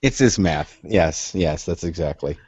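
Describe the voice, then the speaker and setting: A man's voice: deep voice, lively intonation, a little slow, a little mellow, slightly rough, no echo. A man in casual group chat with dry, teasing humor. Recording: dull lo-fi audio.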